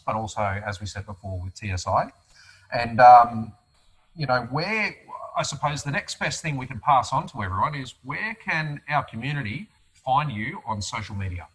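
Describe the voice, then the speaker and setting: A man's voice: on the low side, fairly bright tone, poor audio. A man, hosting a casual interview in a friendly, upbeat way with many "ums". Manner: friendly, upbeat, filler-heavy. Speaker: podcast host.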